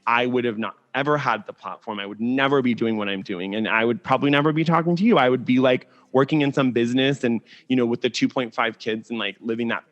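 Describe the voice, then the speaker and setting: A man's voice: medium pitch, fast talker, few pauses, muffled recording. A young adult man as a podcast guest on a video call, chatting candidly and animatedly with lots of "like". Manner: animated, candid, heavy use of "like". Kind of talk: casual interview chat.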